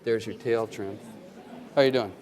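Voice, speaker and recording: A man's voice: on the low side, fairly even intonation, a little slow, a little mellow, a faint crowd. A man, a surgeon, giving a live hands-on demonstration to an audience, coaching step by step in a folksy, joking way and checking in often. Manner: coaching, keeps checking in with "okay?". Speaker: surgeon teaching knot tying. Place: lecture hall with an audience. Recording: long hall reverb.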